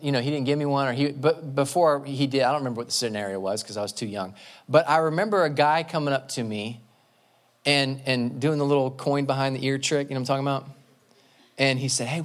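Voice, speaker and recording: A pastor, a man in his thirties, telling personal stories in a relaxed, conversational sermon at his church, with frequent restarts. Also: medium pitch.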